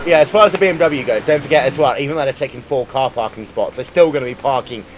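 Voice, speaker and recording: Man, race commentator, playful, brisk play-by-play, headset mic, light background hiss. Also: medium pitch. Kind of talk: live sim racing commentary.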